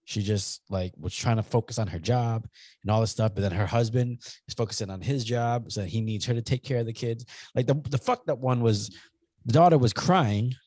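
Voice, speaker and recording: A young man co-hosting a podcast in casual chat, telling rambling, animated stories and swearing freely. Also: medium pitch, fairly quick, dry recording. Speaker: podcast co-host.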